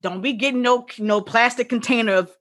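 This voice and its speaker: A woman, co-hosting a podcast in relaxed, laughing banter. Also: a little high, a little fast. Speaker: podcast co-host. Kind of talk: casual chat.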